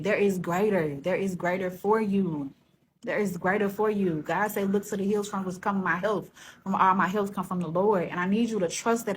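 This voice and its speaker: A woman's voice: medium pitch, slight background noise. Earnest woman sharing her story. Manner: earnest and encouraging, casual and heartfelt; slips into a preacher-like call to keep going. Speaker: vlogger. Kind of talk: personal testimony vlog.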